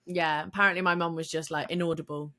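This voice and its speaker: A woman's voice: sits low, steady tone, quick pace, sharp tone. A woman co-hosting a podcast, telling stories in a casual, chatty way and laughing often. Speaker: podcast co-host. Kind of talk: casual chat.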